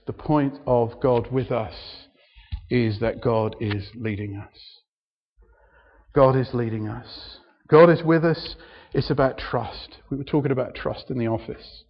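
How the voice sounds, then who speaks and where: A man preaching a sermon in a church, earnest, often restarting his sentences and building in emphasis. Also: medium pitch. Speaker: pastor. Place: church hall. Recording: dull, hall reverb.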